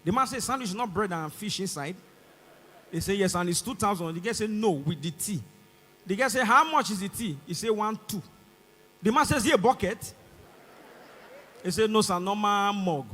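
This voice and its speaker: A Nigerian man with a Nigerian English accent doing stand-up comedy on a large concert stage, acting out both sides of the dialogue and rising to shouts. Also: high voice, animated, moderate pace, pauses often, long reverb tail.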